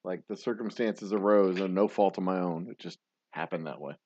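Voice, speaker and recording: A man's voice: deep voice, a little fast, warm tone, no room sound, muffled recording. A man hosting a livestream, chatting casually in a rambling, joking, profane way and laughing often. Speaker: livestream show host.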